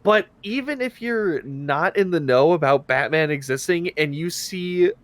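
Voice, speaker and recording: A man's voice: on the high side, lively intonation, measured pace, a bit bright, no echo. A young man co-hosting a podcast, talking in an easygoing, joking way with thoughtful asides. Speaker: podcast co-host. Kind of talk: casual chat.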